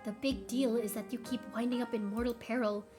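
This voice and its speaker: A woman's voice: a little high, little pitch movement, a little fast, over music, close to an everyday voice. A woman voicing a stern adult woman in a game, scolding the others in a clipped way.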